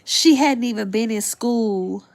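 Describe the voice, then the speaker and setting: A woman's voice: fairly high pitch, measured pace, creaky. A woman on a livestream, telling an upsetting story in an exasperated way and repeating phrases for emphasis. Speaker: livestream reader host. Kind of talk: emotional livestream vent.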